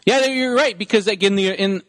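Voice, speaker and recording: Man, high voice, rambling casual podcast chat, dry close sound. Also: brisk, a bit bright, no room sound. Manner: rambling, acts out quotes in voices. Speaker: podcast co-host. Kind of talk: casual chat about a movie.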